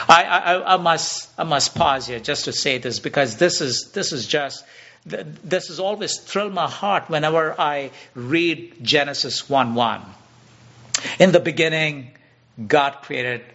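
A man's voice: fairly high pitch, bright, forceful tone. A man preaching a sermon, emphatic, repeating phrases and restarting sentences as he builds his point. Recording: dull lo-fi sermon recording.

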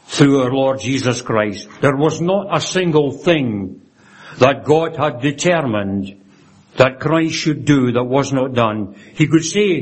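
A man preaching a sermon, earnest and reverent, quoting scripture and often closing a point with a tag question, with frequent restarts. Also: medium pitch. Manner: stumbles and restarts phrases.

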